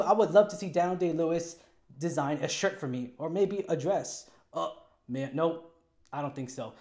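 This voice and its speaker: A man's voice: high-pitched, darkish tone. A young man hosting a casual solo movie review, talking in an upbeat, chatty way with lots of asides and little jokes.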